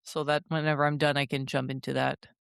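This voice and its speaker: A woman co-hosting a podcast, chatting in a lively, animated way with plenty of fillers. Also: very deep voice, fast talker, creaky, clear, resonant tone, dry recording, clean studio sound. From French Canada. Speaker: podcast co-host. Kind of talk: casual podcast chat.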